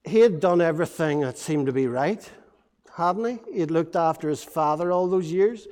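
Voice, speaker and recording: Male preacher, playful storyteller for kids, high voice, church-hall reverb. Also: moderate pace. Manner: lively, playful storytelling to children. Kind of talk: all-age sermon storytelling.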